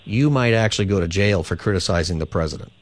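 A man's voice: sits low, fast talker. A man hosting a call-in radio talk show, explaining his views earnestly and often repeating words as he thinks aloud.

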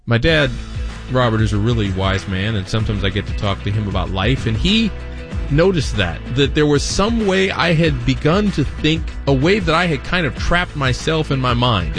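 A male radio host giving a reflective, gently encouraging devotional talk between programs. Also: fairly high pitch. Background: soft music.

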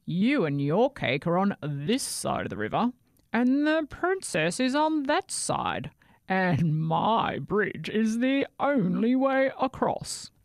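A woman voicing a greedy male bridge troll who growls his words slowly in a storybook reading. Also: medium pitch, big pitch swings, creaky, no echo, studio quality, voice pushed up, heavily acted. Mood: menacing. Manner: growling, slow and drawn out.

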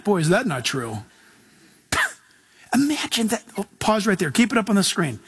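A man preaching a sermon with a fairly high voice. He talks casually and with excitement, and he often wanders off into chatty asides and slang. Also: a little slow, pauses often, breathy edge. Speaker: pastor.

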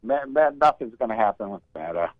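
A man's voice: medium pitch, animated, a little fast, dry recording. A man calling into a radio show, chatty and cynical, often repeating words. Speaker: caller. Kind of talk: casual call-in talk. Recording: dull phone-line call.

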